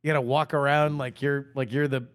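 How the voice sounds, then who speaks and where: A man co-hosting a comedy podcast, chatting casually, rambling and stammering, and quick to laugh. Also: mid-range voice, level tone, clear, resonant tone. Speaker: podcast co-host.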